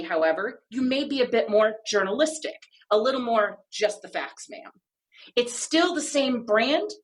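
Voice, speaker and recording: A woman co-hosting a podcast, explaining ideas in an emphatic, playful way with many rhetorical questions. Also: on the high side. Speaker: podcast co-host.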